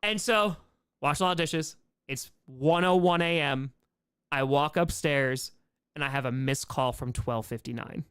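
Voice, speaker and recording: Man, stream host, casual chat, smooth and resonant voice, rambling excitable storytelling. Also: on the high side, unhurried. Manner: rambling, excitable retelling with quoted asides.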